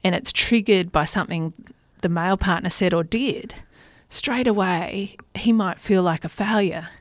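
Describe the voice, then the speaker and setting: A woman's voice: lowish voice, normal speed, no room sound, studio quality. Woman therapist explaining on radio. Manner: warm, explanatory, gives practical examples with acted-out quotes. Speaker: relationships and sex therapist. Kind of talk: radio interview guest.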